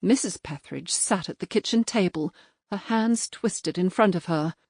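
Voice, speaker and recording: A woman reading a mystery audiobook in a measured, even scripted narration. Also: on the low side, husky, dry recording, studio quality.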